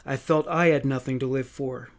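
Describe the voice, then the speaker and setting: A man's voice: medium pitch, steady tone, natural voice. A man reading as a hesitant grieving daughter. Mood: somber. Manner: halting, hesitant testimony read aloud. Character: grieving young adult daughter testifying.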